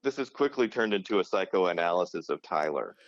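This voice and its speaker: A man co-hosting a podcast who talks in a thoughtful, analytical and gently teasing way. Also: low-pitched, lively intonation, brisk, no echo. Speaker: podcast co-host. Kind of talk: casual chat. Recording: slightly dull lo-fi sound.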